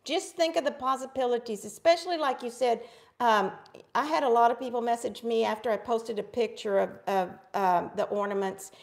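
A woman's voice: a little high, a little fast, creaky. A middle-aged woman hosting a live craft stream, bubbly and chatty, calling her viewers friends. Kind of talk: casual live craft demo chat.

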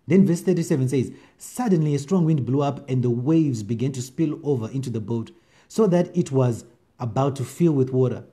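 A man preaching an online sermon during lockdown, excited and reading scripture with lively emphasis. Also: mid-range voice, brisk. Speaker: pastor.

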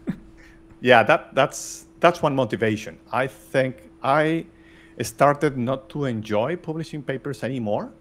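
A man's voice: mid-range voice, unhurried. A middle-aged man from Spain, talking bluntly as an interview guest with many restarts. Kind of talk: casual interview talk.

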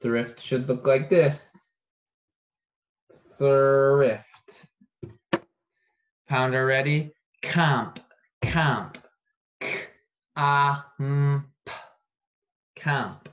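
A man teaching an online phonics lesson, saying each word slowly and repeating it for dictation. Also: mid-range voice. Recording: dull lo-fi recording.

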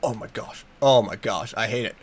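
A man's voice: lowish voice, moderate pace, faint music behind. A man giving let's play commentary, jumpy and reactive, talking to the game's characters and using mild minced oaths. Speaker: gaming YouTuber.

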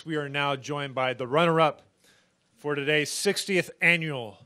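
A man's voice: fairly high pitch, a little slow, bright, forceful tone. A male television reporter formally introducing a driver and asking about the race. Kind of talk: broadcast interview.

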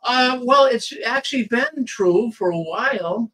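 A man's voice: extremely high pitch, lively intonation, measured pace, pushed and bright, recorded from a distance, slight background noise, poor audio. A man hosting a call-in show, who talks to callers in a chatty, reassuring way.

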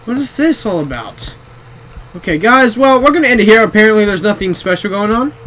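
A man's voice: sits high, lively intonation, fairly quick, a bit bright, a little hiss or hum. A young man playing a horror game, jumpy, swearing often and talking to himself. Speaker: gamer.

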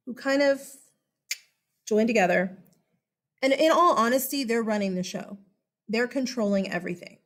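A woman, giving a chatty classroom history lecture and often checking in with "okay?". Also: fairly high pitch. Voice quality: slight lisp. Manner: chatty, animated, keeps checking in with 'okay?'. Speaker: history teacher.

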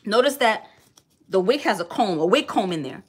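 A woman's voice: mid-range voice, animated, moderate pace. A woman, chatting blunt and sassy on a livestream wig tutorial. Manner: loud sing-song greetings to viewers, sassy and blunt. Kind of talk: casual livestream chat.

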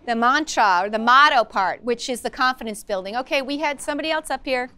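A woman's voice: on the high side, animated, a little fast, bright, forceful tone, clear, resonant tone. A woman teaching a social-emotional learning lesson in a school classroom, upbeat and coaxing, firing questions at the class.

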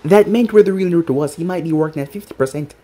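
A narrator reading a fan-fiction story aloud in an expressive way. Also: mid-range voice, racing.

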